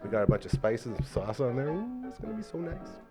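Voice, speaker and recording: A man's voice: mid-range voice, wildly swooping pitch, fast, music in the background. Upbeat Canadian man hosting a podcast. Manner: upbeat, effusive sign-off. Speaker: podcast host. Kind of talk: casual chat.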